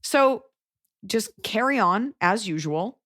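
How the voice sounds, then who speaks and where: A woman's voice: mid-range voice, animated, takes it slowly, fairly bright tone. A young adult woman hosting a podcast, giving blunt, profane advice in a casual chat and jumping into quoted voices. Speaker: podcast host.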